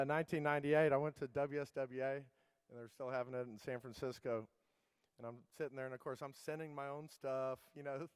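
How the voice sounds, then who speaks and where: A middle-aged keynote speaker tells rambling, casual anecdotes packed with fillers and restarts, his voice smooth, clear and ordinary in pitch. The recording is low quality, dry and close-miked, with almost no room sound.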